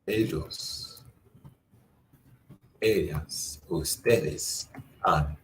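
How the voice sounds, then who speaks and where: A man teaching a Spanish class, explaining grammar and repeating words slowly for learners to echo. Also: rumbling low, a bit bright.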